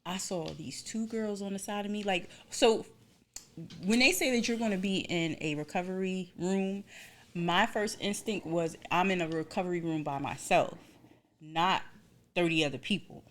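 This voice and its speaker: A young woman chats casually on a podcast and tells her story with lively energy, slipping into other people's voices when she quotes them. Her voice sits a little low for a woman. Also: moderate pace. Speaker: podcast co-host. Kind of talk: casual chat.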